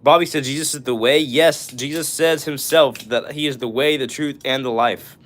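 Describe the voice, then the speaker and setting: A man's voice: medium pitch, steady tone, normal speed, fairly bright tone. A young man hosting a live stream, reading out viewer comments and answering them in a friendly, upbeat way with lots of "all right" and "bro".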